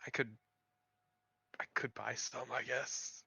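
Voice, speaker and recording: Player, male, sharp-toned and jokey, dry close sound. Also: mid-range voice, fairly even intonation, slow, creaky, slightly rough, dry recording. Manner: joking, crude, laughing easily. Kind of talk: casual in-character tabletop chat.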